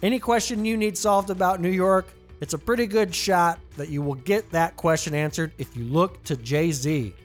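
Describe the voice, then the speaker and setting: A man's voice: high voice, moderate pace, few pauses, faint music behind. A man hosting a trivia podcast, reading answer choices and adding playful jokey asides. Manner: playful, jokey asides, reads options twice. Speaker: trivia host.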